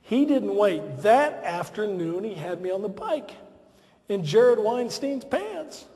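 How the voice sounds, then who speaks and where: A man's voice: high voice, takes it slowly, slight background noise. A man giving a humorous, self-deprecating after-dinner speech at a podium in a large banquet hall. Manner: self-deprecating, lively storytelling.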